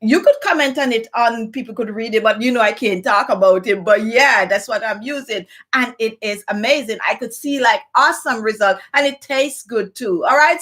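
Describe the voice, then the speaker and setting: A woman's voice: fairly high pitch, a bit bright. A middle-aged woman hosting a live beauty stream, tired and chatty, greeting viewers by name and rambling in a personal way with lots of fillers.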